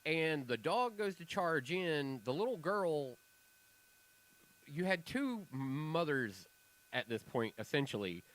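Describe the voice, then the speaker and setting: A man's voice: on the high side, takes it slowly, poor audio. A man co-hosting a casual podcast chat, telling stories with acted-out quotes and frequent swearing. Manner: animated storyteller, acts out quoted voices, swears freely. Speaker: podcast co-host.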